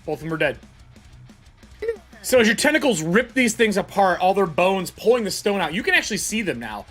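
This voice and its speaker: Teasing, animated male game master. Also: high-pitched, fairly quick, soft background music. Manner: teasing, sarcastic. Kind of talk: running a live tabletop game.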